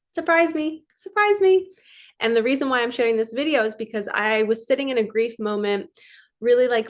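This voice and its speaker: An earnest woman in her thirties speaks as a spiritual coach in a relaxed monologue. She leans into key phrases and repeats them with emphasis. Her voice sits at an ordinary middle pitch. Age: 30s. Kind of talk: casual inspirational monologue.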